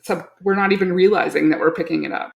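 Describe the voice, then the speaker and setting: A middle-aged woman hosts a podcast, chatting casually and telling anecdotes. Her voice has a gravelly fry to it. The room around her rings with a noticeable echo. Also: on the low side, steady tone, fast. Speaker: podcast host. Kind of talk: casual chat. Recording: roomy echo.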